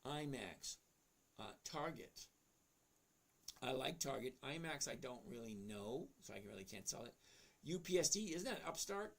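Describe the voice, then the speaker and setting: A man's voice: medium pitch, animated, a little slow, creaky. Blunt, chatty man in his sixties. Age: 60s. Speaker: host. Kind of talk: casual livestream reading and answering chat questions.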